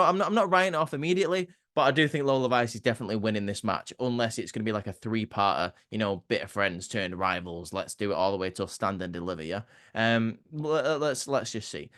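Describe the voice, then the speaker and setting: A man's voice: medium pitch, fairly bright tone. A man giving a casual, chatty recap of a wrestling show, often stumbling and repeating words.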